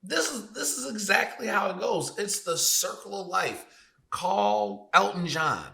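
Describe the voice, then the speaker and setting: A man co-hosting a podcast delivers heated commentary in a blunt, profane manner. He keeps firing rhetorical questions. His voice is bright and forward. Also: sits high, lively intonation, a little slow, vocal fry, low-quality recording. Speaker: podcast co-host.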